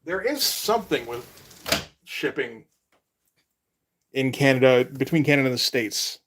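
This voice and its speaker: A man's voice: medium pitch, lively intonation, a little slow, noisy background. A man chatting casually on a live stream as a comic artist, rambling and laid-back, with casual swearing.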